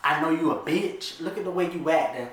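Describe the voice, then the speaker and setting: A man's voice: fairly high pitch, fairly quick, fairly bright tone, lightly acted. A cocky young man throws crude, taunting insults in an everyday voice, as a man reads him from a script. It all echoes heavily in the room. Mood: exasperated.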